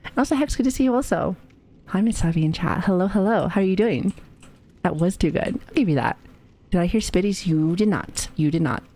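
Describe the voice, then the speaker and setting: A woman's voice: fairly low pitch, lively intonation, a little fast, mellow. Foul-mouthed laughing woman streamer. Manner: profane, joking, laughs often. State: recovering from illness. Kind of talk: casual live-stream chat.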